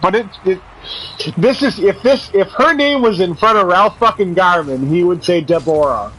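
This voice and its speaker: Sarcastic, laughing man with a higher voice. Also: normal speed, bright, forceful tone, rough recording. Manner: chatty, laughs often, sarcastic. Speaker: podcast co-host. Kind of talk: casual gaming stream chat.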